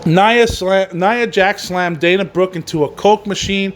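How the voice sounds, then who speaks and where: A man's voice: sits high, measured pace, slight background noise. A man hosting a casual wrestling podcast who rambles through a recap, swears often and laughs at his own jokes. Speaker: podcast host.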